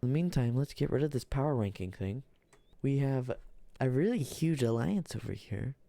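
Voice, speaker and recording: Casual male map narrator, gravelly and dark, halting, dry room. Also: mid-range voice, expressive, no echo. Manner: repetitive, restarts, halting.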